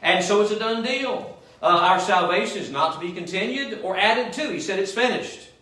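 A man's voice: high voice, normal speed, pushed and bright. Man, pastor, call-and-response sermon, echoey room, heard from far off. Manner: call-and-response preaching, asking the congregation "Amen?". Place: church sanctuary. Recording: echoey church room, mic at a distance.

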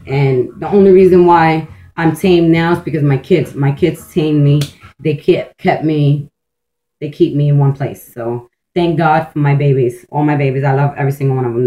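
A woman rambles casually in a vlog, swearing freely, saying "like" a lot and often restarting her sentences. Blunt, streetwise, intense and emphatic, she speaks at a normal speed in a low voice with fairly even intonation, and the audio sounds dull.

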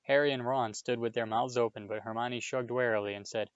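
A man's voice: mid-range voice, steady tone, fairly quick, few pauses, clean tone, no echo. Man reading a story aloud, dry and dull-toned. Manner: plain storytelling with small restarts, lifting his voice for dialogue. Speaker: audiobook reader.

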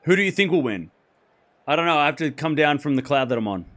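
A hoarse man hosting a live tennis stream, talking excitably and rambling while chatting with viewers. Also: a little high, quick pace. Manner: excitable, rambling, self-correcting. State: hoarse from hours of shouting.

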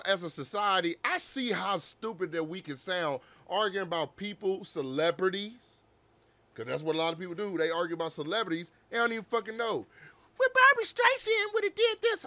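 A man's voice: on the high side, bright, forceful tone, no room sound. A man giving casual, profane reaction commentary on a cartoon, joking, laughing often and roasting the characters. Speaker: reaction video host.

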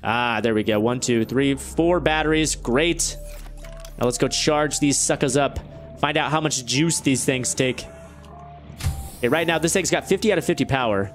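A man commentating his own gameplay, ranting in exasperation and jumping up in pitch when frustrated. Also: normal speed, faint music behind. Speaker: let's play host.

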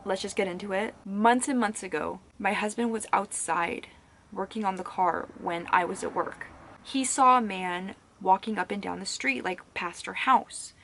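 A young woman vlogger casually telling stories to the camera, animated and swearing freely. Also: medium pitch, moderate pace, vocal fry. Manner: animated, swears freely while recounting scary events.

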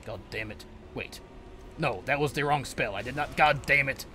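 Male gamer, bright tone, ranting and cursing through his commentary. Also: medium pitch, normal speed, a little hiss or hum. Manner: angry, profane, ranting. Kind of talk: let's play commentary.

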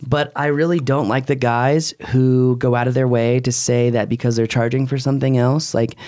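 A man's voice: mid-range voice, little pitch movement, moderate pace, a little mellow. A man hosting a podcast, chatting casually and reading sponsor spots in an upbeat, talkative way. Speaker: podcast host. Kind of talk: casual podcast chat with ad reads.

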